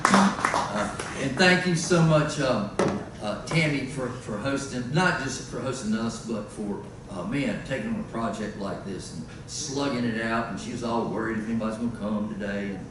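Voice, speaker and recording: A man's voice: on the low side, moderate pace. A male singer-songwriter chatting with his audience between songs in a rambling, joking, self-deprecating way, heard in an echoey live venue from a distant mic with noise behind. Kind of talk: onstage banter between songs.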